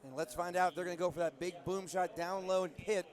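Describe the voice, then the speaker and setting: High-voiced esports play-by-play man. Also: quick pace. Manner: energetic play-by-play calling. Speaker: esports commentator. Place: live esports arena with a loud crowd. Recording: loud crowd behind the voice.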